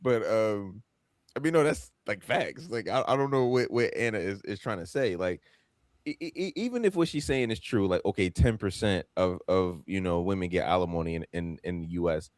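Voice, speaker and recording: A man's voice: low-pitched, lively intonation, normal speed, no room sound, clean studio sound. A man co-hosting a podcast in casual chat, rambling loosely with plenty of fillers. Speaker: podcast co-host.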